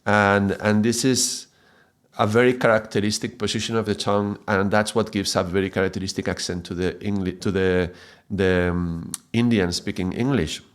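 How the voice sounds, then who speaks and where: A man teaching a lesson, speaking haltingly, often repeating words and checking in with "yeah?". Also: fairly low pitch, steady tone. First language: Spanish. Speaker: mantra teacher. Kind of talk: explanatory video lesson.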